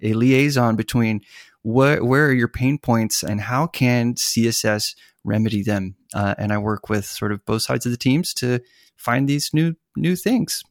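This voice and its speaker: A man talking as a guest in a conversational interview, animated and acting out what other people say. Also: medium pitch, measured pace, dry recording, studio quality. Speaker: podcast guest, web developer.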